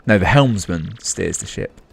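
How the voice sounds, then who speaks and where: A man's voice: low-pitched, animated, measured pace, creaky, slightly rough, exaggerated voice. A man voicing a pompous, vain, rich ship owner who talks in a grand, boastful, theatrical way. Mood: fussy.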